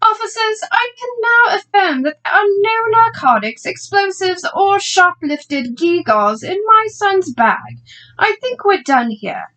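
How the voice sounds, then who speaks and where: A sharp middle-aged mother speaks in a very high, crisp and icy voice, put on by a man. She stays formal and cutting as she stands up for her son in this storybook reading. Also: big pitch swings, unhurried, full character voice. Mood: icy, indignant.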